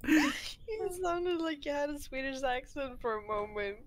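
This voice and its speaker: A woman's voice: high voice, sing-song, a little slow. A woman chiming in on a stream from across the room, away from the microphone, teasing the reader and laughing lightly.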